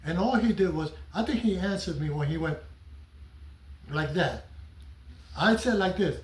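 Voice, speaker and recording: A middle-aged man, a guest comedian and actor, chatting in an animated, joking, rambling way at a theater venue after a performance. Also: sits high, normal speed. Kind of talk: casual chat. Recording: roomy echo.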